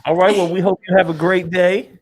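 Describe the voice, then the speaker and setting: A man's voice: high voice, flat delivery, fairly quick, crowd noise. A man hosting a podcast, chatting casually with a guest, laid-back and joking. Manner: laid-back, joking, says "right" a lot. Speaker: podcast host.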